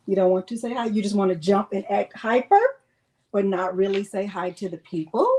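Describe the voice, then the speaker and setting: A woman's voice: medium pitch, lively intonation, normal speed, darkish tone. A woman hosting a casual live crafting tutorial from her home craft room, chatting and greeting her viewers by name.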